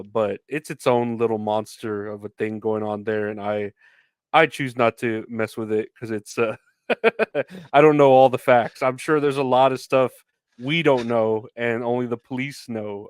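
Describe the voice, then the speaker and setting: Smooth-voiced laid-back man. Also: medium pitch, no room sound, clean studio sound. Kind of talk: casual chat.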